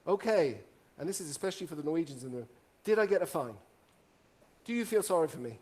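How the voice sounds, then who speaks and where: A middle-aged Italian man, a native Italian speaker, tells lively stories to a live audience in a rather high-pitched voice. He talks fast, jokes around and quizzes the listeners as he goes, in an animated, playful way.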